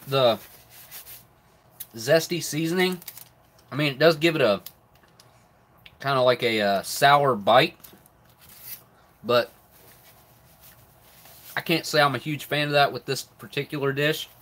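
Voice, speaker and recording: A middle-aged man runs a live stream reviewing military rations, chatting casually as he eats and often talking with his mouth full. His voice sits in the mid range with a slightly bright edge, and he speaks slowly with long pauses.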